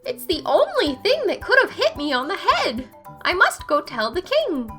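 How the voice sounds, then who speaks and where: A woman voicing a panicky little male chick in a children's storybook, shouting in a very high, frantic voice. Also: huge pitch swings, moderate pace, soft background music, exaggerated voice. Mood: panicked.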